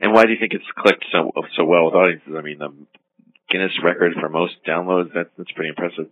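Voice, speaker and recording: A man's voice: deep voice, steady tone, quick pace. A man interviewing a guest, asking short prompting questions. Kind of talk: phone interview. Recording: dry tinny phone line.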